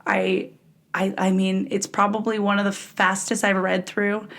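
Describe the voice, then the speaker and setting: Gravelly-voiced enthusiastic woman podcaster. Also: medium pitch, flat delivery, unhurried, a bit bright. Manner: enthusiastic, lots of "like" fillers. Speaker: podcast co-host. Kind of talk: casual book club chat.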